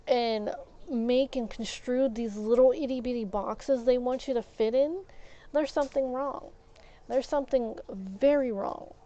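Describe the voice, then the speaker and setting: A woman's voice: high-pitched, mellow, highs cut off. A woman streamer venting while playing a game, emphatic and frustrated, often repeating words.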